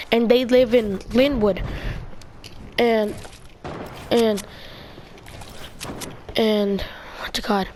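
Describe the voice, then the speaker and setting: A woman's voice: on the high side, a little hiss or hum. A young woman telling a long personal story in a casual vlog, rambling with lots of fillers and restarts. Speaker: video creator.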